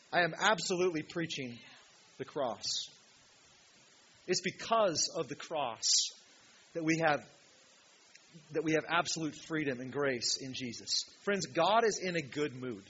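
A male pastor preaching a sermon in a church, emphatic, swinging from loud, ringing peaks to quiet asides. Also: fairly high pitch, lively intonation, a little slow, long pauses. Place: church hall with a projection screen. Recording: dull lo-fi sound with faint hiss.

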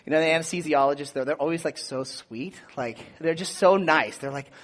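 High-voiced, chatty man preaching casually. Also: fairly quick. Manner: chatty and animated, many fillers, acts out voices in a high shout. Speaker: pastor. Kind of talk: casual sermon with personal story.

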